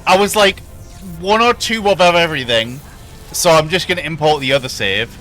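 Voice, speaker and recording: A man chatting loosely to viewers as he plays, laughing and joking between moments of play. His voice is bright and sits high, with a lot of swing in pitch. Game music plays faintly underneath. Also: animated, moderate pace. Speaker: streamer. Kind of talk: casual gaming commentary.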